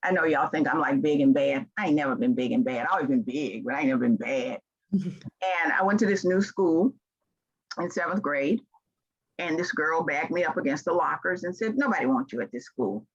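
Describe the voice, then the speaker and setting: An older woman from Memphis, Tennessee, with a Southern American accent, gives a heartfelt, folksy motivational keynote to an audience. Her voice is deep and husky and her pace moderate. The recording sounds dull and lo-fi.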